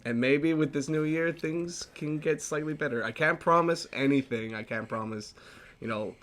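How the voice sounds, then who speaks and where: A man's voice: fairly high pitch, moderate pace, a bit bright. A young man co-hosting a podcast in casual chat. He laughs often and rambles with lots of "like", then turns earnest. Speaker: podcast co-host.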